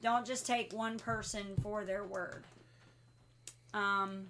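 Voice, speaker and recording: A woman hosting a casual livestream essential oils class, telling animated stories and laughing often. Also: mid-range voice, takes it slowly.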